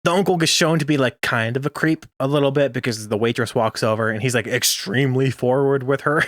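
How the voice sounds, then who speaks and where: A man's voice: medium pitch, brisk, fairly bright tone, dry recording, studio quality. A young man co-hosting a podcast, chatting casually and laughing often as he recaps an anime episode. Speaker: podcast co-host.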